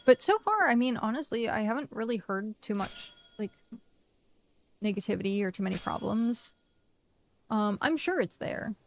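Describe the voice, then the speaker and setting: A woman's voice: a little high, lively intonation, moderate pace, slight background noise. A young woman streaming a game, chatting casually and rambling to herself and her viewers while sounding tired and yawning. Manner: rambling, talks to herself and chat. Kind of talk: casual live-stream chat while playing.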